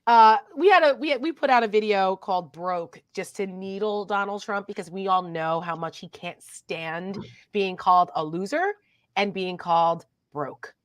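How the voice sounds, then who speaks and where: A woman's voice: medium pitch, moderate pace, a little hiss or hum. A woman co-hosting a casual political chat, chatty, with many fillers and laughs. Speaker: co-host.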